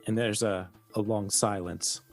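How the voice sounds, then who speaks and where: A man acting as game master, narrating a tabletop game in a relaxed, descriptive way. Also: on the low side, unhurried. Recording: faint music behind.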